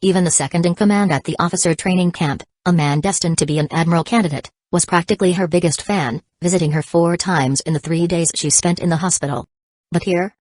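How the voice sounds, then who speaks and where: A woman reading an audiobook in a steady, even scripted narration. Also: on the low side, fast talker, no echo.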